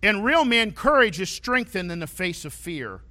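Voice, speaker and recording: A male pastor preaching a sermon, telling stories with animated swings from loud points to quiet asides. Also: sits high, normal speed.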